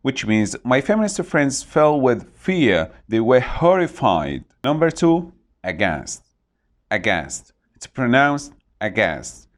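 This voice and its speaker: A man teaching English vocabulary, saying each word slowly and repeating it to model pronunciation. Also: mid-range voice, very animated. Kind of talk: vocabulary lesson.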